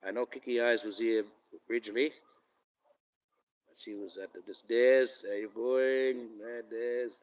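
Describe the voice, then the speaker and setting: A man's voice: medium pitch, fairly even intonation, a little slow, pauses often, distant mic, poor audio. A man hosting a casual live stream into his phone, rambling, swearing freely and laughing often. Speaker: livestream host. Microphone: phone camera.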